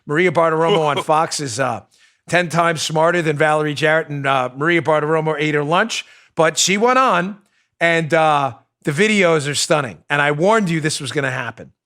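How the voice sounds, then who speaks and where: Male political talk host, slightly high voice, heated and sarcastic, hammers each point by repeating it. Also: moderate pace, sharp tone. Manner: emphatic, repeats points for stress. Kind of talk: opinionated political monologue.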